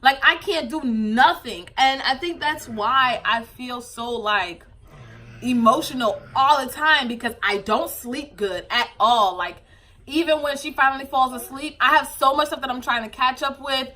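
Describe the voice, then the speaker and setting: A young woman talks to her camera in a casual confessional vlog, speaking in with a bright, forceful tone. Her voice sits a bit high, and her talk is candid and emotional, full of fillers. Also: measured pace. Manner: emotional, tearful at times, candid, lots of fillers. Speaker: vlogger, new mother.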